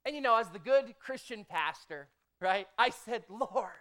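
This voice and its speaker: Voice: mid-range voice, unhurried. A pastor preaching a sermon, telling a personal story in a chatty way, often tossing in "okay?" and "right?" and acting out their own prayers. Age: adult, formerly a motivational speaker. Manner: conversational, punctuates with "okay?" and "right?"; lively storytelling, acts out own quoted prayers.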